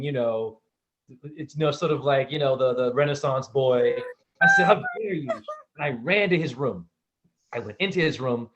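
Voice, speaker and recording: A man telling funny childhood stories on a podcast, acting out the voices of the people in them. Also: medium pitch. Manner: theatrical, acts out voices in his stories. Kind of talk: animated comic storytelling.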